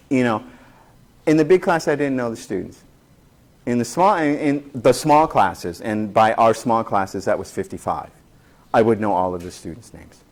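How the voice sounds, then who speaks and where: A man who teaches college, telling classroom stories to colleagues in an animated way, acting out quotes and often restarting his sentences. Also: fairly low pitch. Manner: animated storyteller, acts out quotes, many restarts. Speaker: college instructor. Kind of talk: faculty talk with anecdotes.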